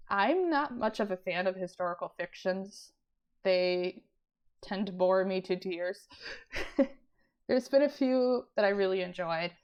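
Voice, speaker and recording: A young woman chatting casually about books she has read, laughing often and clearing her throat as she loses her voice. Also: mid-range voice, lo-fi sound. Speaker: book vlogger. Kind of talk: casual book review chat.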